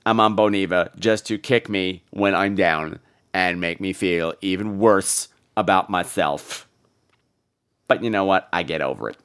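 A man's voice: mid-range voice, a bit bright. A man in his thirties hosting a podcast, telling a campy comic story with lots of mock voices. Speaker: podcast host. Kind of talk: comic monologue.

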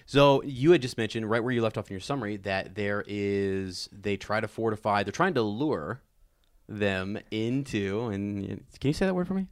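Podcast co-host, male, low voice, loose rambly delivery, dry sound. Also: animated, normal speed, no echo. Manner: chatty, rambling, repeats words. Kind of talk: casual book discussion.

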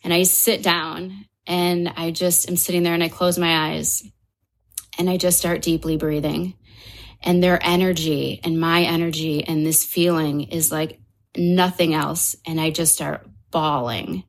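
Woman telling a story with lively quoted dialogue. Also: deep voice, unhurried. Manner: animated, acts out quoted dialogue. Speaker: guest. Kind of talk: personal storytelling.

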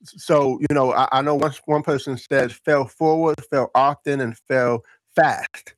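A man's voice: a little high, fairly even intonation, moderate pace, no room sound. A man who is a guest on an interview podcast, talking earnestly, stumbling and repeating words and laughing easily. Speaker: guest, entrepreneur. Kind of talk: interview conversation.

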